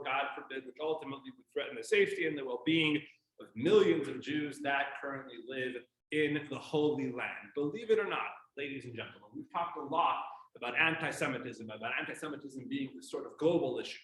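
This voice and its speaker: A man's voice: medium pitch, fairly bright tone, roomy sound, poor audio. A man teaching an evening class as a rabbi, addressing his audience in a showman-like way and telling jokes.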